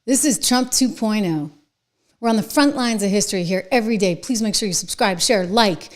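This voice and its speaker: A woman hosting an opinion commentary show, talking emphatically and excitably in a chatty way. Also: mid-range voice, a little fast. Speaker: show host.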